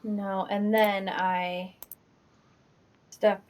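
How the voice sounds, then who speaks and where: A woman's voice: medium pitch, little pitch movement, drawn-out words, a little mellow. A woman playing in a tabletop game, talking casually and hesitantly. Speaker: player.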